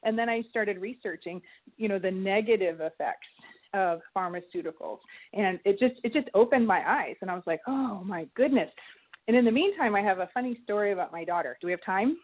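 Lively middle-aged woman on a tinny line. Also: mid-range voice, fairly quick. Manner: lively, animated storyteller, acts out quoted voices. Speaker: guest, holistic health coach. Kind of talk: storytelling in a casual interview.

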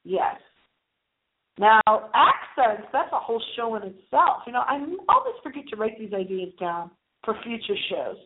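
Woman, show host, theatrical and playful, lively voice swooping high and low, narrow phone-line sound. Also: moderate pace. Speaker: host of a paranormal talk show. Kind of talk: casual solo show monologue.

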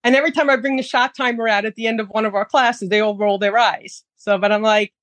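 A woman's voice: on the high side, steady tone, quick pace, a bit bright, no room sound. Woman, firearms instructor guest, casual interview, chatty with many fillers, dry close sound.

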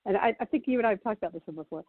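A woman's voice: medium pitch, rapid-fire, no room sound. A middle-aged woman, a parent coach, chatting as a guest and telling stories expressively. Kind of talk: casual interview chat. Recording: dry, tinny phone line.

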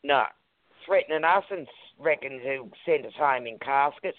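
A man's voice: medium pitch, normal speed, no echo. A man from Australia with an Australian accent, a guest on a talk radio show, who speaks bluntly, uses slang and swears. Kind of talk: casual talk radio discussion. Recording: tinny phone-like line.

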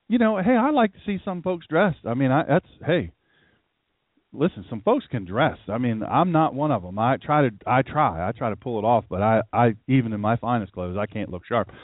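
A man's voice: medium pitch, dry recording. A middle-aged man, a pastor hosting a live radio show, preaching in a conversational way and repeating phrases for emphasis. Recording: dry, tinny phone-line sound.

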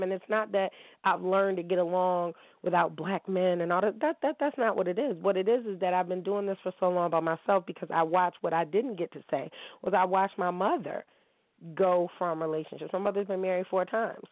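A woman's voice: fairly low pitch, fairly quick, no echo. A woman hosting a casual monologue, talking in a blunt, profane and heated way. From Kalamazoo, Michigan. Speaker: show host. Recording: tinny phone-like sound, dry.

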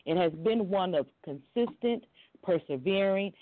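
A middle-aged woman from Long Island talks as a guest on a chat show. She is candid and animated and slips into high voices when she quotes people. Her pitch swings wide, and the audio is tinny, like a phone call. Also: measured pace, dry recording. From Long Island, New York. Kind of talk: casual interview storytelling.

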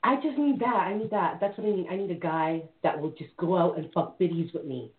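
A woman's voice: fairly low pitch, a little fast. A woman hosting a live call-in talk show, talking in a brash, bawdy, playful way. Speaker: host. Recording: tinny phone-line audio with faint hiss.

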